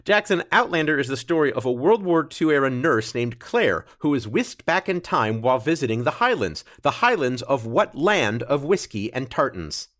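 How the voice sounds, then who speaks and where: Animated male quiz host. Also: mid-range voice, normal speed, hardly any pauses. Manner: lively, playful, laughing often. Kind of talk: hosting a comedy trivia podcast.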